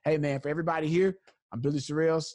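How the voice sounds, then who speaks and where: On his podcast, a man with a voice on the high side tells a funny story at a quick pace. The audio is studio quality without echo, and he's animated, doing the voices of the story's characters.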